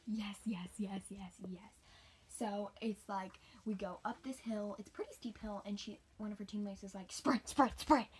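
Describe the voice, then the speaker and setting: A woman's voice: medium pitch, slight background noise. Chatty young woman telling a story. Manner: chatty, rambling, drops into whispers. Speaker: homeschooled cross-country runner. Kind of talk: casual storytime.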